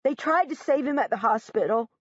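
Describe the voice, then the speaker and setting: A woman voicing an angry, defensive schoolboy bully who yells his lines. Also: sits high, big pitch swings, measured pace, no echo, highs cut off, pitched above the performer's own voice, exaggerated voice. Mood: defensive shouting. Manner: shouting, defensive.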